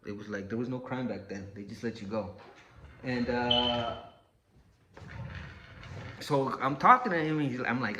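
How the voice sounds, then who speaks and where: A man's voice: lowish voice, moderate pace, long pauses, sharp tone, slight background noise. A man telling a personal story casually, cursing often and acting out what people said. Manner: profane, laid-back, acts out quotes.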